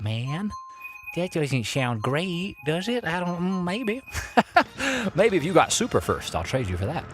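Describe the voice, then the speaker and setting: A man streaming a kart racing game live, commenting playfully and excitably while chatting with his viewers. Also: mid-range voice.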